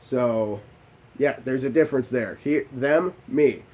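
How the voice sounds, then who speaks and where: A man's voice: mid-range voice, normal speed, darkish tone, poor audio. A young man, a Navy veteran, telling his own story in a candid monologue. He talks bluntly, swears freely and often restarts his sentences.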